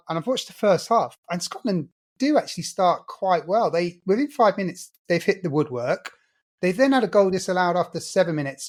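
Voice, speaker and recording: A man co-hosting a casual football podcast, telling stories with enthusiasm. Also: on the high side. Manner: enthusiastic, storytelling. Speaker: podcast co-host.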